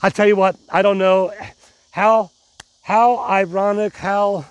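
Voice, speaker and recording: A man's voice: sits high, fairly even intonation, takes it slowly. A middle-aged man vlogging casually to his viewers, rambling and restarting, pumped up on adrenaline. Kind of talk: casual vlog talk to viewers.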